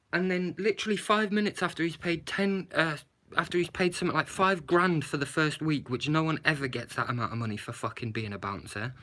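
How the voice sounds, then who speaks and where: A man's voice: fairly high pitch, pushed and bright. A man doing a live-streamed movie review from his phone, ranting with lots of swearing and rhetorical questions. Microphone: handheld phone camera, shaken while talking.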